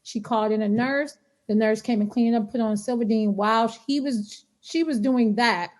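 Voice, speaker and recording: A woman guest on a podcast, telling a personal story in casual, animated talk and acting out what people said. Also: a little high, normal speed. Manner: animated, acts out dialogue in quotes.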